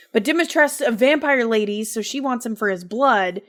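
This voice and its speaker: A woman's voice: on the high side, normal speed, few pauses, fairly bright tone. A woman co-hosting a podcast, loosely recapping a story in casual chat, giggling often and leaning on fillers. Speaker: podcast co-host.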